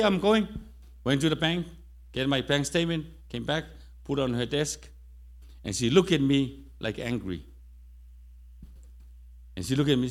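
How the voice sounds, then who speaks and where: A middle-aged man preaching a sermon, telling a personal testimony with quoted dialogue, in slightly broken English in a church. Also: medium pitch. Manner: non-native grammar, storytelling with quoted dialogue.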